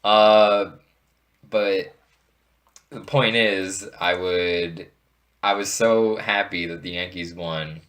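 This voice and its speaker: A man's voice: sits low, fairly even intonation, takes it slowly, long pauses, a bit bright. A young adult man from the Philadelphia area, co-hosting a casual podcast with dry, teasing wisecracks. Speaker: podcast co-host. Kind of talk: casual chat.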